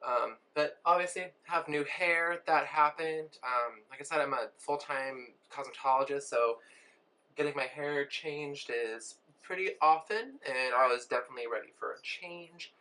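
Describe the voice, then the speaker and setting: A man with a hoarse voice, recovering from laryngitis, chatting casually through a get-ready-with-me beauty vlog, full of rambling asides and fillers. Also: fairly high pitch, a little slow, pushed and bright, low-quality recording. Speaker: beauty vlogger and cosmetologist.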